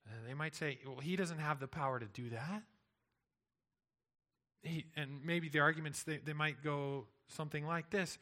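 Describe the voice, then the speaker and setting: Man, pastor, bright and forceful tone, slightly higher voice, earnest sermon delivery with rhetorical questions.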